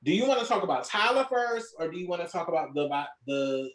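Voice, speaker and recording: A woman's voice: fairly low pitch, very animated. Frank emotional woman in a roomy echo. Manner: emotional, frank, talks fast in bursts with restarts. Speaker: podcast co-host. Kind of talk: casual chat.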